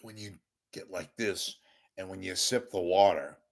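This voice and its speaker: A hoarse man delivering a sarcastic ranting monologue as a commentator. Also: low voice, a little slow, a little hiss or hum.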